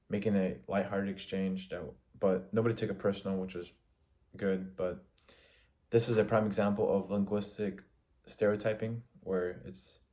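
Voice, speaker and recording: Low, flat-voiced man analyzing a film. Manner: measured, in short phrases with restarts. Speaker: student. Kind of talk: spoken film analysis for a class assignment.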